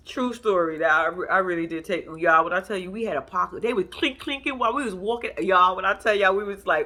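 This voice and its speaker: A woman's voice: on the low side, fast, hardly any pauses. A woman hosting a casual vlog, swearing freely and laughing as she tells stories straight to her viewers. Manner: profane, animated, talks straight to viewers as y'all. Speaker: vlog host recapping a TV episode. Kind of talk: casual storytelling commentary.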